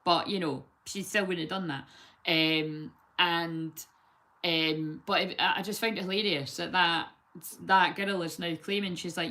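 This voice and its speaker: A woman giving a casual, rambling tarot reading full of lively chatty asides. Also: lowish voice, normal speed. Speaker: tarot reader.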